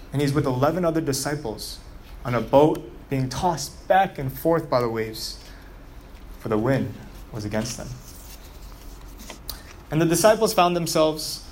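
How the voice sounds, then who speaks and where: A man preaching a sermon, telling the story in a lively way and asking the audience rhetorical questions. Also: mid-range voice, slight background noise.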